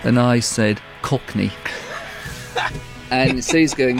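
A man's voice: medium pitch, slow, gravelly, soft background music. A man casually telling a studio story, rambling and correcting himself as he goes, with a chuckle now and then. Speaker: musician telling a studio anecdote. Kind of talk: casual anecdote.

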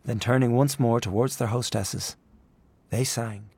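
A man reading a literary story aloud in a measured, expressive narration. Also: mid-range voice, creaky, breathy edge, no room sound. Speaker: audiobook narrator.

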